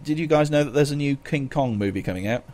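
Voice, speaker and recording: A man's voice: medium pitch, fast, darkish tone. A man hosting a casual podcast chat, rambling along with many fillers. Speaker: podcast host.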